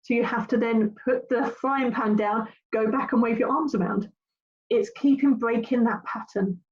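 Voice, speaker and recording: A woman's voice: fairly high pitch, moderate pace. Chatty woman coaching on anxiety. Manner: chatty, animated, acts out voices. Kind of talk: talk to camera with slides. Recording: dull lo-fi sound.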